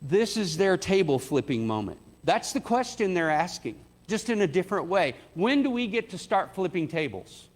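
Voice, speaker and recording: In a church sanctuary, a man delivers a conversational sermon in a sing-song voice at a moderate pace, with hardly any pauses. He acts out the quoted lines with rising pitch, and the hall's reverb rings around him.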